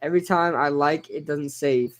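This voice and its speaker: A young man casually reacting live to a football game, chatting with viewers and shouting out their names. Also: on the high side, moderate pace. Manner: excitable, chatty, reads out chat names. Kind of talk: casual live-stream commentary.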